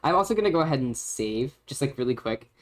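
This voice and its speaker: A woman with a notably low speaking voice, chatting casually as she streams a game. She rambles, giggles and breaks off mid-thought. Her tone stays loose and informal throughout. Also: lively intonation, fast. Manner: giggly, rambling, self-interrupting.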